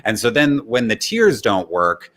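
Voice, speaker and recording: A man's voice: fairly low pitch, unhurried. A man co-hosting a podcast, chatting casually through a recap and acting out what others said. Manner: acts out quoted people with lively voice shifts. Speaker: podcast co-host.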